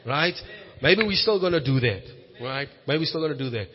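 A man with a South African accent preaching a sermon, moving from quiet storytelling to loud, emphatic declarations. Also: a little high, expressive, a little fast. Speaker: pastor. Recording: muffled sound with long hall reverb.

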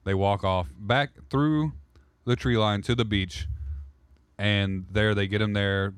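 A man's voice: fairly low pitch, fairly even intonation, slow, clean tone, no room sound. A man narrating a role-play podcast as game master, loose and rambling, correcting himself as he goes.

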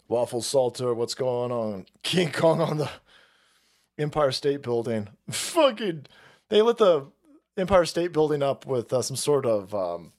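A man hosting a livestream, thanking chat by name and ranting in a foul-mouthed, mocking way, laughing often. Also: mid-range voice. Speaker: livestream host reading chat.

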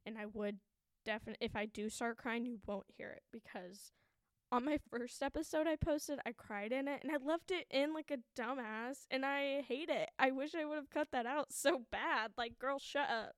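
Young woman, 20s, solo podcast host; shaky, anxious, foul-mouthed candor, slightly high voice, dry close sound. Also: moderate pace, smooth, no echo. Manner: shaky, anxious and frank, swears often, laughs at herself. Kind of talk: candid solo podcast monologue.

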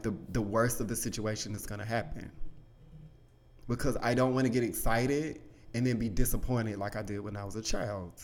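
A man hosting a podcast, telling a personal story in a candid, rambling way full of "like" and "you know", with casual swearing. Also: on the low side. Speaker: podcast host.

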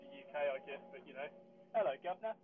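A man's voice: mid-range voice, completely flat delivery, rapid-fire, slightly rough. A man with an Australian accent calling in to a casual chat, hesitant and full of fillers. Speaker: caller. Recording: tinny phone line, faint noise.

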